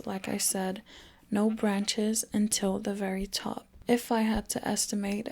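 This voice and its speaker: A woman's voice: mid-range voice, vocal fry. A woman hosting her channel, reading online stories aloud in a chatty way, breaking into laughs and sometimes dropping to a near whisper. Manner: chatty, laughs between lines, drops into soft whispered passages. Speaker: channel host.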